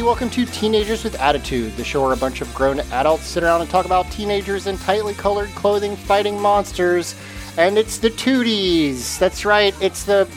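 A man hosting a casual podcast, talking in a rambling, hesitant way with many restarts. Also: high voice. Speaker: podcast host.

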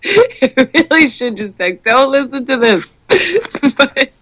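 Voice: high-pitched, sing-song, slow, fairly bright tone, no room sound. A podcast co-host in casual chat, chiming in with short reactions and teasing comments, heard from farther off the mic.

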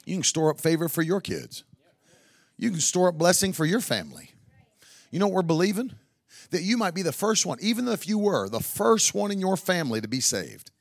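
A male preacher with a high voice that leaps all over its range. He moves from easy, joking talk into shouted, half-sung climaxes. The sound is close and dry, with no room around it. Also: sing-song, brisk, no room sound. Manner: builds to shouted, sing-song climaxes, with woos and hallelujahs; chatty and joking in quieter stretches. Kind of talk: sermon.

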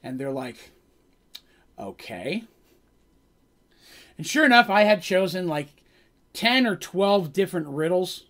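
A man's voice: high-pitched, lively intonation, normal speed, a bit bright. A man as game master, casually recapping his tabletop game on a stream, rambling a bit and laughing as he goes.

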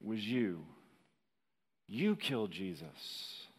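A man preaching a sermon in a slow, dramatic way, rising to emphatic peaks and dropping to hushed lines. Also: on the low side, very animated, slightly rough, long reverb tail. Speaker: pastor.

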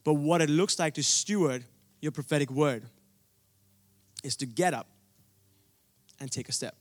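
A man's voice: fairly high pitch, unhurried. A young man from India preaching a sermon, telling a personal story earnestly, with frequent restarts.

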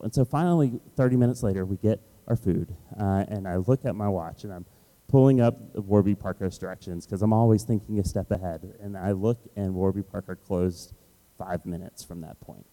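A man preaching a sermon, telling a personal story in an animated way and acting out his own frustration. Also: fairly low pitch, normal speed, rough recording. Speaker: pastor. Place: Washington, D.C.

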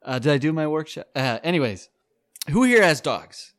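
A man's voice: on the high side, very animated, normal speed, fairly bright tone, no room sound, clean studio sound. A man doing an awkward stand-up set on a club stage, rambling and hesitant with many fillers and nervous laughs. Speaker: stand-up comic.

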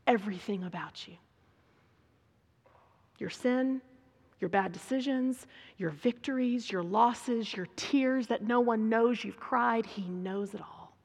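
A woman preaching a sermon, dramatic and swinging between hushed whispers and loud emphasis. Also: on the high side, unhurried, breathy edge. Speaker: speaker preaching to a women's gathering. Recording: long reverb of a large hall.

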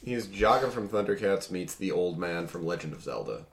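A man's voice: sits low, expressive, moderate pace, creaky, roomy sound. A man co-hosting a casual podcast, giving wry and enthusiastic commentary. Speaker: podcast co-host. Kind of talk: casual chat.

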